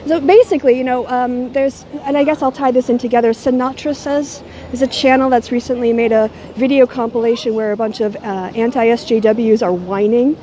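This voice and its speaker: A woman's voice: a little high, fairly even intonation, brisk, warm tone, highs cut off. A middle-aged woman talking casually and sardonically to a handheld camera she holds at arm's length. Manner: sardonic, mocking. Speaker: YouTuber. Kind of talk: casual talking-head vlog.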